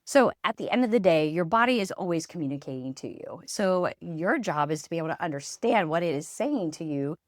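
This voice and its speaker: A woman with a somewhat low voice co-hosts a health chat, explaining calmly and encouragingly. The sound is dry and close. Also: brisk, few pauses, dry recording. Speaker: physical therapy podcast host.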